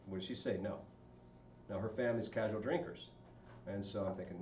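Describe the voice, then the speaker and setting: A man with a lowish, darkish voice talks briskly and conversationally to a group about marriage, posing questions to the audience. The recording is dull and echoey, made far from the mic, with slight background noise.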